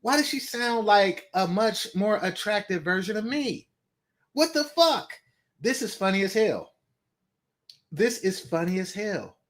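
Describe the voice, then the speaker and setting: Man from the Bay Area, reaction host; high, bouncy, mocking, profane. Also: lively intonation, unhurried, a bit bright. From San Francisco Bay Area. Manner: laughing, mocking, swears often.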